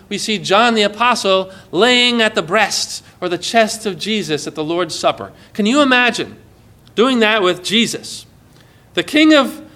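A man preaching a sermon in an earnest way, often dropping soft and low as he quotes.

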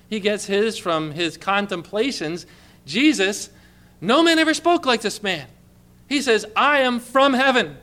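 A man preaching a sermon, telling stories in an animated, emphatic way and rising to exclamations. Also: high-pitched.

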